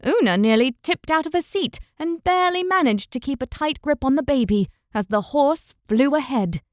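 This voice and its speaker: A woman reading a fantasy audiobook as narrator, in steady, even storytelling. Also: high voice, moderate pace, no echo, clean studio sound. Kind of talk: scripted narration.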